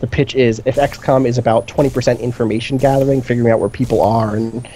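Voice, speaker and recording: A man's voice: medium pitch, fairly even intonation, fast, warm tone. A man co-hosting a gaming stream, talking in a casual, enthusiastic, rambling way with lots of fillers. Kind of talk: casual chat. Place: indoor streaming setup.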